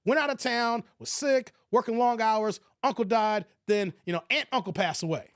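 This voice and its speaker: Brief: animated livestream host, laughing, relaxed chat, voice on the high side. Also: male voice, normal speed, clear, resonant tone, no echo, clean studio sound.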